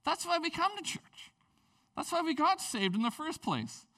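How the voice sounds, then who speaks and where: Animated high-voiced male pastor preaching. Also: normal speed. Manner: animated, joking asides and personal stories. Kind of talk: sermon.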